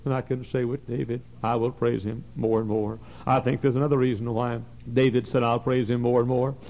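A man in his forties preaching a fervent sermon in a church, his voice swinging from soft passages to loud, high bursts. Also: little pitch movement, a little fast, rough recording. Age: 40s. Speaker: pastor. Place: church sanctuary.

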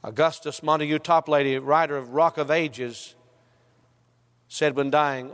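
Male preacher, sermon, impassioned swells and hushed drops, fairly high voice, long hall reverb. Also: fairly even intonation, a little slow, smooth.

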